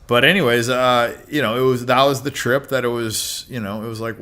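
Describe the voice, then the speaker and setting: A man's voice: mid-range voice, fairly even intonation, brisk, hardly any pauses, pushed and bright. A man in his thirties telling a rambling, profane story as a podcast guest, full of "like" and "you know". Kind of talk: casual storytelling.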